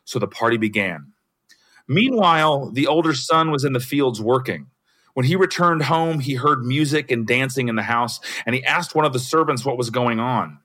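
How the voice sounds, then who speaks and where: A man with a Southern twang reads a passage in a steady, expressive way, then slips into easy chat. His voice is bright and clear, mid-pitched. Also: moderate pace. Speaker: guest. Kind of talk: scripture reading and casual chat.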